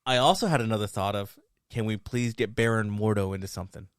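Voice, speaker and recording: A man co-hosting a casual podcast chat, relaxed and laughing easily as he offers his theories. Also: lowish voice, fast, clear, resonant tone, no room sound, studio quality. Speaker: podcast co-host. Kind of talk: casual chat about movies and games.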